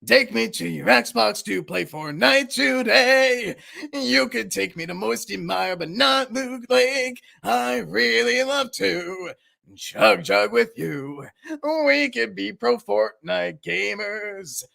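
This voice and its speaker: A man voicing a loud, menacing talking knife, singing slowly and dramatically on a livestream. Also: high voice, expressive, creaky, voice pushed up, heavily acted. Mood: hyped. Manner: slow, drawn-out sung delivery.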